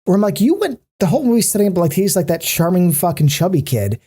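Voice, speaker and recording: A man co-hosting a podcast, ranting casually and profanely, lively and quick to curse. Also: high-pitched, slightly rough. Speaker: podcast co-host. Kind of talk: casual chat.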